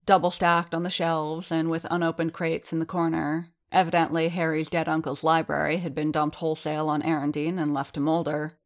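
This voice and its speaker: Low-voiced woman narrating an audiobook. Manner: measured, steady storytelling. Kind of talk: scripted narration.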